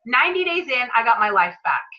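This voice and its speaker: A woman's voice: fairly high pitch, very animated, fairly quick, pushed and bright, dull audio. A woman talking casually to a group on a call, chatty and earnest, openly emotional as she shares her story. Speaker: product presenter.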